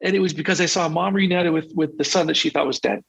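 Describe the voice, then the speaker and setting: Husky, gravelly man on a dull recording. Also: a little high, fairly even intonation, fast, fairly bright tone. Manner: open, confessional storytelling. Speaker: podcast guest. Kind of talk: casual interview conversation.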